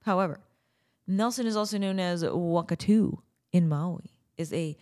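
A woman hosting a daily podcast talks in a loose, chatty way. Her voice sits a little low. She keeps slipping into playful asides and silly voices. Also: moderate pace, warm tone. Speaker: podcast host. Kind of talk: casual chat.

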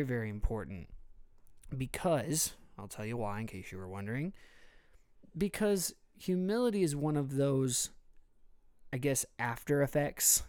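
A man's voice: mid-range voice, a little mellow, clear, resonant tone, no echo, studio quality. A man, a youth pastor talking casually in a podcast, rambling and joking as he goes.

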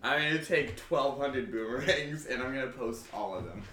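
A man in a casual podcast chat as a guest, joking quickly and laughing often. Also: mid-range voice, pushed and bright, recorded from a distance, a little hiss or hum. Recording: echoey room, off mic.

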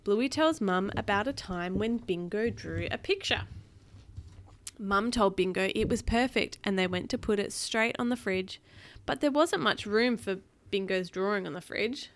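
A woman's voice: medium pitch, moderate pace. A woman reading a picture book aloud to her child, adding chatty asides.

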